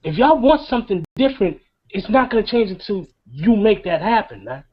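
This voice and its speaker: A middle-aged man with a high voice rants with emphatic, profane passion, preaching at his listeners. The sound is dull and lo-fi. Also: lively intonation, fairly quick. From New York. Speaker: co-host of a wrestling review show. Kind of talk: impassioned rant.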